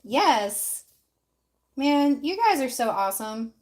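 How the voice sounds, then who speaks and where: A woman hosting a relaxed livestream, chatting loosely and directly with her viewers, with plenty of ums and likes. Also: a little high, takes it slowly. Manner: loose, filler-heavy talk with frequent ums and likes. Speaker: livestream host. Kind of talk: casual livestream chat.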